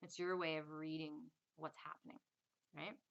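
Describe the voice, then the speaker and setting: A woman's voice: sits low, little pitch movement, normal speed, vocal fry, fairly bright tone, muffled recording. A woman giving a casual spiritual lesson, chatty and acting out little inner voices in quotes. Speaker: spiritual teacher. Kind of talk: casual teaching monologue.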